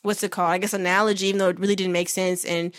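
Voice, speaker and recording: A young woman co-hosting a casual podcast, chatting in an animated, slangy way with quick asides. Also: on the low side. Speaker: podcast co-host.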